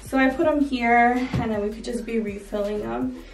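A young woman with a slightly high, gravelly fry talks through a home tour in loose, filler-laden chat. She sounds set back from the mic in an echoey room, with faint music underneath. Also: fairly even intonation, normal speed, distant mic. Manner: chatty, filler-heavy, with frequent "like" and "um". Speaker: vlogger showing her baby's nursery. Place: indoors in a home nursery.

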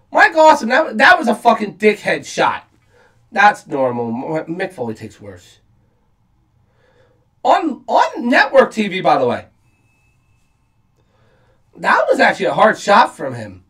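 A man giving casual reaction commentary in an unhurried drawl, his pitch swinging widely between low mutters and high outbursts. He talks bluntly, swears freely and fills gaps with "um". His voice sits a little back from the mic. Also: sharp tone, far from the mic. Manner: profane, blunt, with frequent fillers. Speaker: reaction video host.

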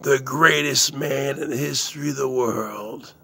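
A man hosting his own show, delivering a slow, boastful rant full of drawn-out catchphrases and chuckles. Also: medium pitch, gravelly, sharp tone, slightly rough. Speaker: host.

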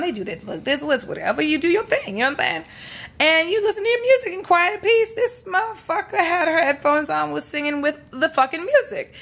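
A woman's voice: high-pitched, fairly bright tone. A young adult woman vlogger telling a dramatic, profane storytime in casual chat.

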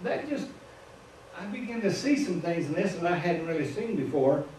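This Midwestern-accented man delivers a relaxed sermon from a church sanctuary, folksy in his storytelling and chuckling at his asides. He speaks at normal speed in a fairly high, sing-song voice with a darkish tone. Captured far from the mic in a reverberant room, the audio has slight background noise.

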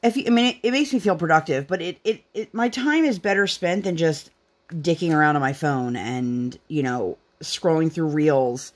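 A woman's voice: low-pitched, moderate pace. A young woman hosting a craft channel, chatting casually while she works on a project at home, rambling with lots of fillers.

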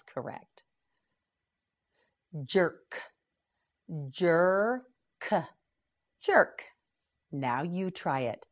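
A woman teaching English vocabulary to beginners in a scripted drill, slowly repeating each word and prompting the listener to say it back. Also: fairly low pitch, darkish tone.

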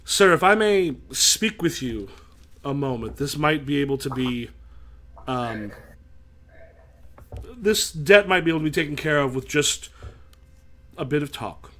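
A man playing a smooth anxious merchant. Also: a little high, animated, measured pace, long pauses, sharp tone. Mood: ingratiating. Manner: polite, ingratiating. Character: wealthy, anxious male merchant, smooth and flattering.

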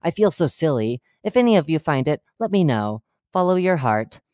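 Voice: mid-range voice, normal speed, no echo, studio quality, close to an everyday voice. A narrator doing Quinoa, chipper eerie radio host. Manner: chipper, chatty broadcast patter with deadpan dark jokes. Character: cheerful oblivious male radio talk-show host, eerie. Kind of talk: horror fiction reading.

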